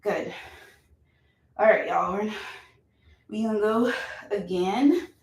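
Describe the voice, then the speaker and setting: A woman's voice: medium pitch, slow, vocal fry, darkish tone. A woman yoga instructor guiding a class, upbeat and playful, chatty with whoops and laughter. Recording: echoey room, mic at a distance.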